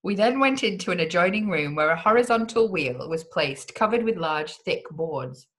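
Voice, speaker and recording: A woman's voice: on the low side, expressive, moderate pace, fairly bright tone. A woman hosting a read-along, reading a gothic novel aloud with drama and the odd slip. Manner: dramatic reading with occasional slips.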